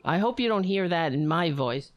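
A woman's voice: lowish voice, animated, normal speed, no echo. Sarcastic, profane woman ranting. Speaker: streamer reacting to video. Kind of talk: casual reaction commentary.

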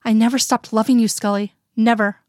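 A woman voicing a hurt, bitterly angry grown man who turns soft and tender, read in her own higher voice in a dry room. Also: flat delivery, brisk, no room sound, close to an everyday voice. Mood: tender, low. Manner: accusing, then pleading softly.

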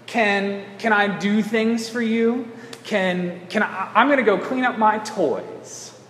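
A man voicing an excited young child who begs for dessert and offers to help, in an echoey church hall. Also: high-pitched, takes it slowly, pitched above the performer's own voice. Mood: eager.

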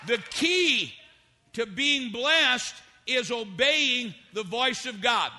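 A middle-aged male pastor preaching a sermon and calling on the congregation to shout amen. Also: very high voice, expressive, slow pace, a crowd in the background, noisy background. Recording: long hall reverb.

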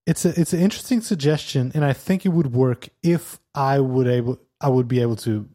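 A man's voice: mid-range voice, brisk, dark tone. A man hosting a weekly podcast, chatting casually with a co-host, laughing often and restarting his sentences.

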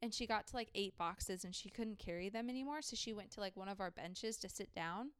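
A woman's voice: medium pitch, fairly quick, clean tone, no echo. A young woman co-hosting a podcast, telling a story in a chatty way, full of "like", acting out the people she quotes. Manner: chatty, heavy use of "like", acts out quoted people. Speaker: podcast co-host. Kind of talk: casual storytelling chat.

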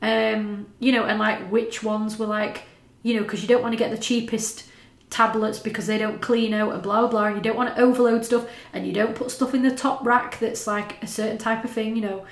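Woman in her 30s, chatty and sweary, bit high voice, echoey room. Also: little pitch movement, fairly quick. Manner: chatty, swears, laughs often. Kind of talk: casual chat.

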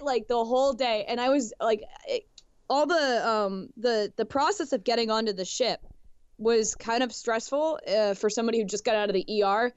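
A woman's voice: high voice, moderate pace, clean tone, no echo. A woman chatting casually on a podcast, retelling stories with frequent laughter. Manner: laughs often, lively retelling. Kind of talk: casual chat. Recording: dull, dry lo-fi sound.

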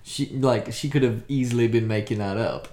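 A man on a casual podcast, tossing in dry quips and side comments while his co-host tells the story. His voice is of middling pitch. The sound is roomy, with a clear echo around it. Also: normal speed, warm tone. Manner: jokey, chiming in with quips and asides. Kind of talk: casual chat.

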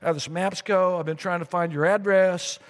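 A middle-aged man preaching a sermon as pastor, telling a long story with repeated phrases and lively asides. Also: high-pitched, moderate pace. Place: church sanctuary. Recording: long reverb of a large sanctuary.

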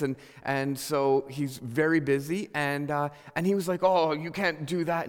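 A man delivers a sermon in a conversational, animated way. His voice sits a little high and rises sharply on emphatic lines. The sound carries the long reverb of a large hall. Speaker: pastor.

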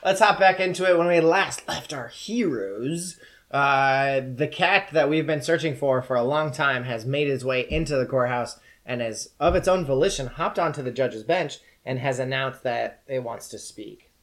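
A man running a tabletop game as game master, narrating in a lively, jokey way. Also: mid-range voice, normal speed.

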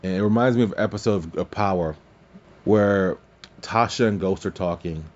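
A man hosting a podcast, recapping wrestling in casual, excitable talk, swearing freely and laughing at his own slips. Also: sits low, normal speed, highs cut off. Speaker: podcast host.

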